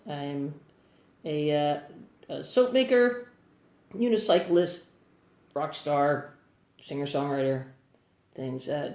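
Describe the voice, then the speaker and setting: A woman's voice: sits low, dark tone. A middle-aged woman with a New Jersey accent, chatting casually as she answers viewers on a phone live stream. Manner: chatty, rambling, upbeat. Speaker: singer-songwriter live-streaming. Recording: roomy echo on a phone mic.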